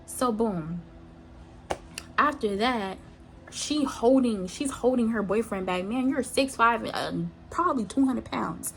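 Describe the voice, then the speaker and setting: Animated young woman telling a story. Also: a little slow, vocal fry, a little hiss or hum. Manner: animated storytelling, acting out quoted lines with sharp pitch jumps. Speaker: vlogger. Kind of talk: storytime vlog.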